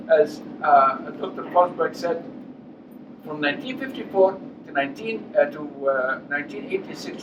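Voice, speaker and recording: Man in his 80s, guest lecturer, anecdotal and emphatic, fairly high voice, distant mic, roomy hall. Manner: anecdotal, acts out dialogue, emphatic. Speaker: guest speaker. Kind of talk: public lecture with personal stories. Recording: echoey hall, distant mic, dull, noisy.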